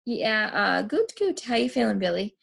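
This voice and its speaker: A woman's voice: fairly high pitch, sing-song, normal speed, gravelly, a bit bright, breathy edge, heavily acted. A woman voicing a nervous boy who talks in a quavering voice while trying to sound hearty. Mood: uneasy.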